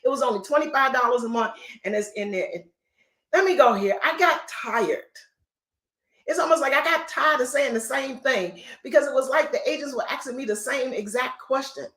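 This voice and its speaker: A woman's voice: sits high, normal speed, fairly bright tone. A middle-aged woman real estate coach giving an emphatic, preachy motivational talk on a live stream. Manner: emphatic, repetitive, preachy, folksy. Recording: echoey room.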